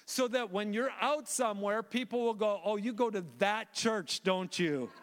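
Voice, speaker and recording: High-voiced preacher in a reverberant sanctuary. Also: male voice, normal speed, slight background noise. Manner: animated storytelling with frequent restarts. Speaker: guest preacher. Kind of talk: sermon. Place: church sanctuary.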